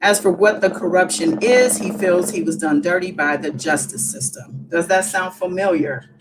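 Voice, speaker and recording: A woman's voice: on the low side, normal speed, loud music behind the voice, poor audio. Chatty woman hosting a late-night live stream. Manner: chatty, musing, reads news aloud with asides. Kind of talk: casual live-stream commentary.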